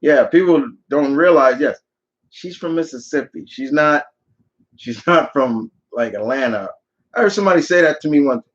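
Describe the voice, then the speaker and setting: A man's voice: fairly high pitch, animated, normal speed, lo-fi sound. Opinionated man hosting a live Q&A. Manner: opinionated, rambling with frequent restarts. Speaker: channel host answering viewer questions. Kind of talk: live Q&A chat.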